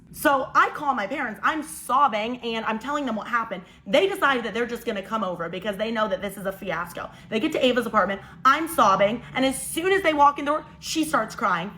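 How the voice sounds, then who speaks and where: A young woman telling a story for a vlog, animated and incredulous, as if she still can't believe it. Her voice sits a bit high and rings bright and forward, with a casual, exasperated energy. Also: a little fast.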